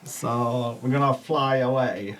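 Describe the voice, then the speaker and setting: A man's voice: medium pitch, slow, a bit bright, a little hiss or hum. Laid-back man playing a tabletop game. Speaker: player. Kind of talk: casual tabletop play.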